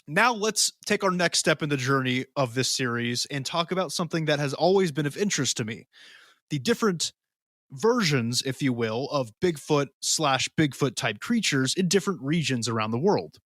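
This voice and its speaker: A man with a slightly raised pitch co-hosts a podcast, moving between read segment introductions and crude, jokey asides. His voice sits close and dry on the mic. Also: animated, normal speed, fairly bright tone, dry recording. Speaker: podcast co-host. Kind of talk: casual chat with scripted segments.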